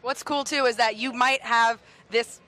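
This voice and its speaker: A woman's voice: fairly high pitch, steady tone, unhurried, sharp tone. A woman interviewing drivers at a racetrack during a live event, upbeat and enthusiastic. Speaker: trackside interviewer. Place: outdoors at a racetrack.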